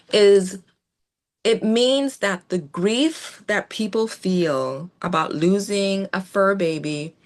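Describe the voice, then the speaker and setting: Slow, low-voiced woman teaching. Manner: gentle, reassuring, with fillers and restarts. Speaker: veterinary staff trainer. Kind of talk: instructional talk on client communication.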